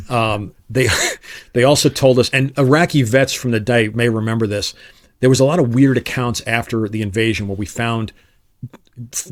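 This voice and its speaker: Animated man telling war stories. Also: mid-range voice. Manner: animated storyteller who acts out quoted dialogue. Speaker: retired Army Special Forces officer, guest. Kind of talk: casual storytelling interview.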